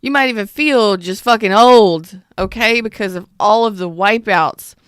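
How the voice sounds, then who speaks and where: A woman's voice: mid-range voice, moderate pace, clean tone, no echo, studio quality. A woman in her thirties giving a casual tarot reading, blunt and emphatic, swearing freely. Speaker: tarot reader.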